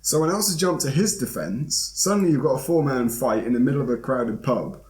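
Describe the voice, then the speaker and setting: A man's voice: medium pitch, lively intonation, brisk, a little mellow. A man in casual podcast chat, laid-back and swearing freely. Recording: roomy echo.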